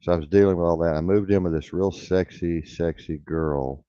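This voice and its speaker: A man's voice: low voice, fairly even intonation, moderate pace, warm tone, dry recording. An older man telling a rambling, blunt and profane story in casual talk, repeating himself as he goes. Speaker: radio show host. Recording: dull lo-fi radio sound.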